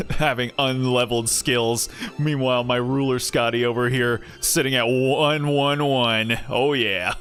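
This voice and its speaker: A man rambles casually while he plays a game, stopping often on fillers and small laughs. His voice sits at an ordinary middle pitch. Faint music plays in the background. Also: fairly bright tone. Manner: rambling, chatty, full of fillers and chuckles. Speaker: streamer. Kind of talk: casual gameplay commentary.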